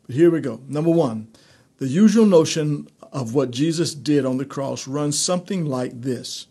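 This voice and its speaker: A man leads a streamed Bible study as its pastor, his voice sitting a little high for a man. He preaches in a loose, conversational way, restarting phrases as he goes and rising into animated emphasis on his key points. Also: normal speed, slightly rough.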